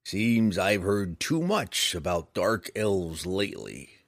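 A man voicing a grim, gruff bounty hunter who speaks slowly and tersely in a fantasy audiobook. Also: on the low side, expressive, sharp tone, full character voice. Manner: slow, grim, clipped delivery.

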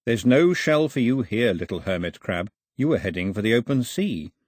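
A sly male shark spirit who circles and taunts, as a storyteller puts him on, husky-edged and lively in pitch. His mocking, teasing words glide up and down. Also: normal speed, no room sound, clean studio sound. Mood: taunting.

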